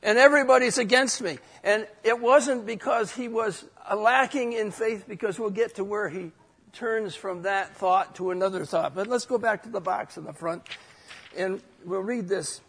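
A man preaching a sermon and reading scripture aloud, swinging between loud declaring and quiet, reflective reading. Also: sits high, unhurried, gravelly, slightly rough. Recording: long hall reverb.

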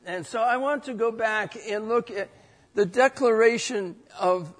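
A man preaching a sermon and reading scripture aloud, swinging between loud declaring and quiet, reflective reading. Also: sits high. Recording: long hall reverb.

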